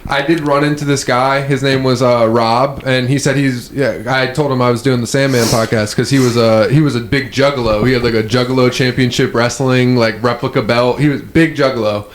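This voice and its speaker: A man's voice: medium pitch, steady tone, brisk, hardly any pauses, a little hiss or hum. A man on a podcast telling a rambling, casual anecdote with fillers. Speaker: podcast co-host.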